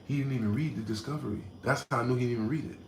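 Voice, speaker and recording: Animated man telling a story in a roomy room. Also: medium pitch, rapid-fire, vocal fry, slight background noise. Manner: animated, slangy, keeps asking "right?". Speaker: streamer telling a personal story. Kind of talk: casual storytelling to a live chat.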